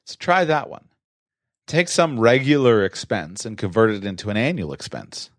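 This man speaks in a sing-song way at normal speed, recorded in a studio with no room sound. He explains personal finance in a relaxed, conversational solo talk, occasionally voicing his own surprised self-talk with a climbing pitch.

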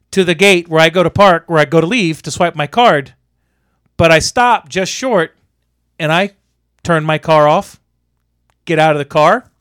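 A man co-hosting a podcast, telling a story in casual chat, animated and profane, acting out the people he quotes. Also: sits high, no room sound, studio quality. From Florida. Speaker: podcast co-host.

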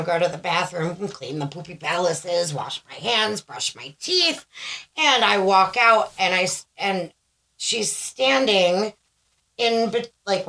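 A bright-voiced woman from the US South co-hosting a chatty mom podcast. She tells stories with animated energy, acting out her own quotes and dropping swear words freely. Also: mid-range voice, low-quality recording. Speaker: podcast co-host. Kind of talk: casual chat.

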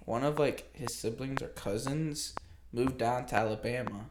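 A man's voice: mid-range voice, moderate pace. A young man co-hosting a casual podcast, telling a rambling story full of restarts. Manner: rambling, self-correcting storyteller. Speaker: podcast co-host. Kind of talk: casual chat. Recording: echoey room with loud background noise.

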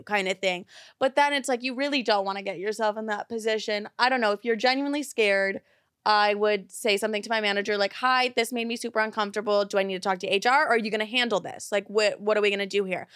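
A woman's voice: medium pitch, quick pace, fairly bright tone, dry recording, studio quality. A young woman hosting an advice podcast, blunt and profane, rambling with lots of fillers. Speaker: podcast host.

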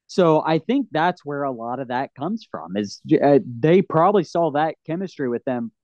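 A man's voice: fairly high pitch, lively intonation, moderate pace, a little mellow, no room sound, lo-fi sound. A man casually and enthusiastically retelling film scenes, rambling with restarts.

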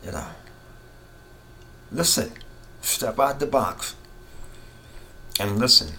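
A middle-aged man rants in a casual opinion monologue, circling back to the same points with rising fervor. His voice sits at an ordinary pitch. A faint hiss of noise runs underneath. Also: animated, takes it slowly, sharp tone. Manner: impassioned, ranting, repeats himself. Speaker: political commentator.

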